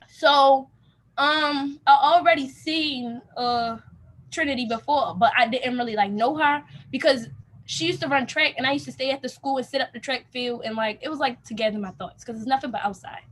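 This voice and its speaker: A young adult woman with a high, bright-sounding voice tells a casual personal story. She talks in an animated, chatty way and slips into different voices to act out the quoted lines. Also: normal speed. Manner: animated, acts out quoted dialogue with laughs. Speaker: youth program participant.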